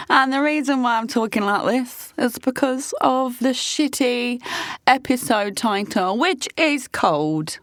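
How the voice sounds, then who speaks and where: Young woman doing her podcast, swears a lot, laughs a lot, kinda high voice. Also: lively intonation, slow pace, a bit bright, no echo, studio quality. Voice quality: brash, profane, laughs often. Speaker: podcast host. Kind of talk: candid solo podcast chat.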